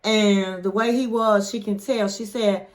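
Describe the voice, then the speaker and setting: A woman hosting her own online channel, giving a casual, chatty recap of a reality show with an animated, playful delivery. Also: mid-range voice. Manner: animated, playful, drawn-out flourishes. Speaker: YouTube host reviewing a reality show.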